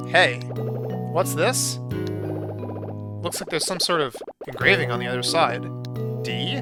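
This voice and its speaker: Slow-talking streamer reading game dialogue. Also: mid-range voice. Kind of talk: reading a game's dialogue aloud while playing. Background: game music.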